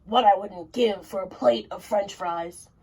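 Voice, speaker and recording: A woman voicing a huge, grumpy giant husband who complains in a slow, booming voice in a storybook reading. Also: a little mellow, husky. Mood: grumbling.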